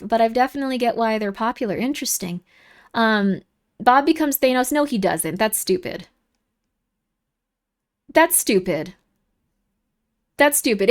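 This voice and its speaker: A woman streamer chatting casually and reading viewer comments, rambling and animated, quick to get worked up. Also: fairly high pitch.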